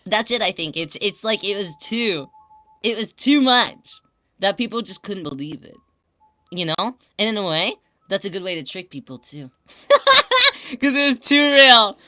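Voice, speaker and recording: A man hosting a casual livestream chat, telling stories in an animated way and laughing often. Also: high-pitched, moderate pace, dry recording. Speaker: livestream host.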